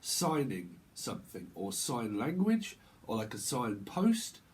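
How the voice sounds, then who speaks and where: A man's voice: medium pitch, huge pitch swings, takes it slowly, a little mellow. A man reading tarot in a casual vlog, rambling and repeating words as he goes, while he has a cold. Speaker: tarot reader.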